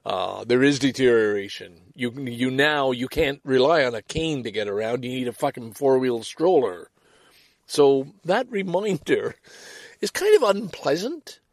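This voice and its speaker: Older Canadian man, podcast host: gravelly voice, lively swings in pitch, candid and self-mocking, swears a lot. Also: measured pace, no room sound. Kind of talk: rambling personal monologue.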